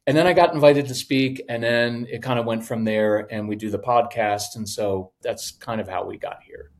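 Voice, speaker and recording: A man's voice: mid-range voice, moderate pace. A middle-aged man, a podcast guest, telling stories in a conversation and acting out voices in his anecdotes. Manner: animated, acts out voices in anecdotes. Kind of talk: storytelling in a conversation.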